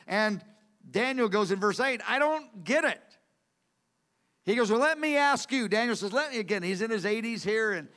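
High-voiced man teaching a sermon. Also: a bit bright. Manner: earnest, emphatic, repeats key words for stress. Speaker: Bible teacher. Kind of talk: teaching sermon from lecture notes.

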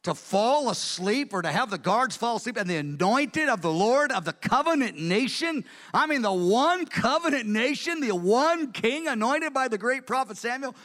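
Animated man preaching in a hall. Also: very high voice, moderate pace. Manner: animated storytelling, conversational. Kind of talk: sermon.

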